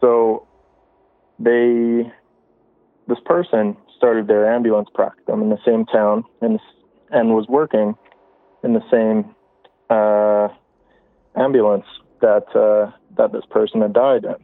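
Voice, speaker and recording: A man's voice: fairly low pitch, flat delivery, slow, long pauses, no echo. A man calling in to a show to tell a spooky story in a casual, rambling way, full of fillers and restarts. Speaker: caller. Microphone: phone. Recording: tinny phone line.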